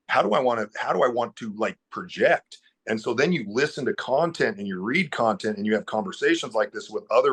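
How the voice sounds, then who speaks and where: A man's voice: mid-range voice, fairly bright tone, husky. A man speaking as a podcast guest in casual conversation, earnest and blunt, with casual swearing.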